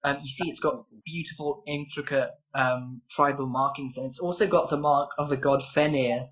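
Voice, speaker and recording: A woman's voice: a bass voice, fairly even intonation, normal speed. A woman narrating as game master, rambling with fillers and giggles.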